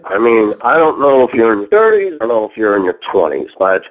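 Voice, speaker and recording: A man's voice: lowish voice, sing-song, brisk, rough recording. A man hosting a call-in show, lecturing and confronting a caller in a heated argument.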